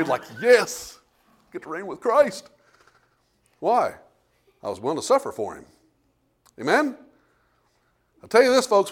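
A man preaching a sermon as pastor, folksy and fervent, swinging from hushed lines to loud ones. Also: high-pitched. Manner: folksy, repeats words and restarts.

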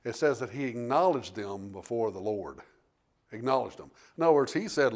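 A man preaching a sermon in a folksy storytelling way, calling out for amens and swinging between loud emphasis and hushed tones. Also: mid-range voice, animated, moderate pace. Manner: folksy storytelling, calls out "Amen?".

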